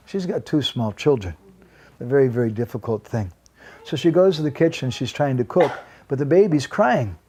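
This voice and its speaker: A man's voice: medium pitch, warm tone. A man giving a devotional lecture at a home program, telling a story and asking the audience questions.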